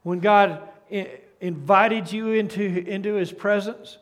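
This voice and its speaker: An older man preaches with a voice pitched a little high for a man. He talks earnestly, often stumbles and restarts, and sinks into quiet, hushed phrases when he stresses a point. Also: fairly even intonation, unhurried. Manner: earnest, with frequent restarts and repeated words; reads a story aloud and drops to a soft, hushed tone at key points. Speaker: pastor. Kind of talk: sermon.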